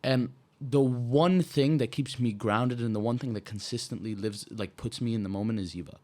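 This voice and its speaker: Podcast host, man, mid-pitched voice, restless, scattered thoughts, casual swearing. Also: normal speed, dark tone.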